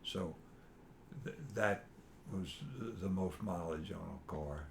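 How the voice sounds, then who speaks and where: An older man with a drawl speaks in a very low voice, recalling the past in a halting, rambling way with plenty of fillers. A faint hiss of noise sits under the recording. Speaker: father being interviewed. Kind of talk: casual family interview.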